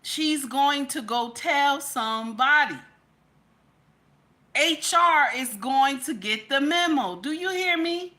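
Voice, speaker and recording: Slow and expressive, a woman with a high, bright, forceful voice addresses her viewers in casual, emphatic commentary. She peppers each line with "okay?" and calls them "baby" and "y'all" directly.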